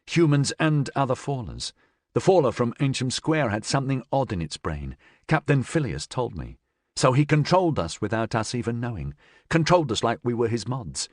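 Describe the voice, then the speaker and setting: A man voicing Slavasta, a remorseful, sheepish rebel leader who speaks quietly and apologetically. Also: medium pitch, big pitch swings, normal speed, no room sound, studio quality, voice pushed up, lightly acted.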